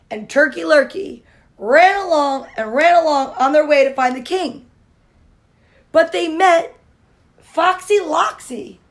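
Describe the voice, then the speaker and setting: A woman comedian reading a children's storybook aloud with gushing, playful asides. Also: high voice.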